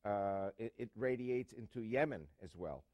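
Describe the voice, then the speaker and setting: A man's voice: fairly low pitch, expressive, moderate pace, no room sound, lo-fi sound. A man answering questions as a guest in an interview, emphatic and full of fillers and jokes.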